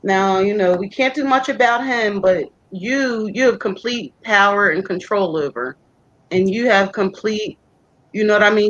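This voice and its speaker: A woman's voice: medium pitch, fairly bright tone, highs cut off. A woman giving a chatty, reassuring psychic reading on a live stream, full of fillers like "you know". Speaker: psychic co-reader.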